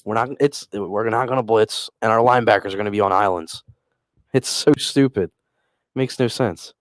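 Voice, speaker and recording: A man's voice: on the low side, moderate pace, dry recording. A man co-hosting a casual sports podcast, ranting in exasperation. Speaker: podcast co-host.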